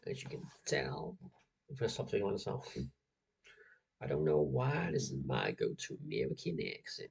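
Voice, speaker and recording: A man's voice: medium pitch, wildly swooping pitch, normal speed, vocal fry, slightly rough. A nineteen-year-old man, chatting casually as a streamer, rambling and full of "like". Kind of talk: casual chat.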